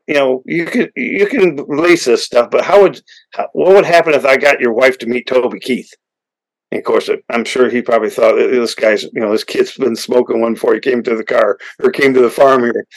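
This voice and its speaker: A man's voice: medium pitch, low-quality recording. Rambling American male podcast host. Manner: rambling, many restarts and fillers, builds to excited punchlines. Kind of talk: casual storytelling interview.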